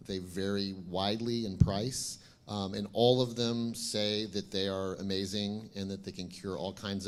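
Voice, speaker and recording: Low-voiced man moderating a panel. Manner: conversational, posing questions to the panel. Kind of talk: conference panel Q&A.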